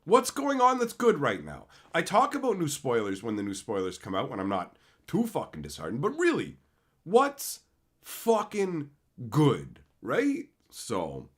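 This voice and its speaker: A man hosting a livestream, ranting heatedly and profanely, swinging between loud outbursts and low mutters. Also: huge pitch swings, unhurried, breathy edge. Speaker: channel host. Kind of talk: livestream rant.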